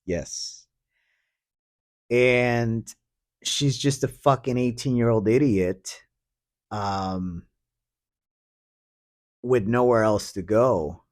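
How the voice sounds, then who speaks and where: A man's voice: mid-range voice, extremely slow, long pauses. A man hosting a podcast alone, talking through a story in a casual, profane, sardonic ramble full of fillers. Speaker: podcast host. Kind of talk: casual solo commentary.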